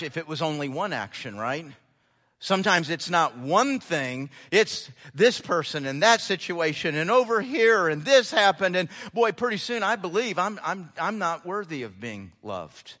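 A pastor preaches a sermon emphatically in a sharp-toned voice, often repeating words and rising steeply in pitch on key lines. The recording carries a long hall reverb.

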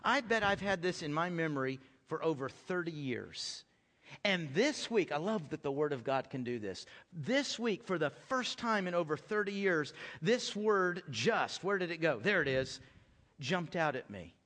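A middle-aged man preaching a sermon in a church, swinging between loud emphatic lines and hushed soft ones, often repeating phrases and putting questions to the congregation. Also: fairly high pitch, lively intonation, moderate pace, long reverb tail. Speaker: pastor. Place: church sanctuary.

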